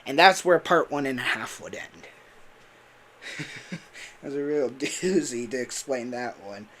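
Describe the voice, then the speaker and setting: This streamer, who voices characters for a living, talks loosely on a livestream, wandering off topic, laughing, and filling gaps with fillers. He speaks slowly at medium pitch with a somewhat bright tone, and a little hiss or hum is audible.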